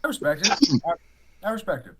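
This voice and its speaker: A man's voice: fairly high pitch, very animated, moderate pace, a crowd in the background, low-quality recording. A man running a tabletop game as game master, talking animatedly into a headset, laughing often and swearing casually.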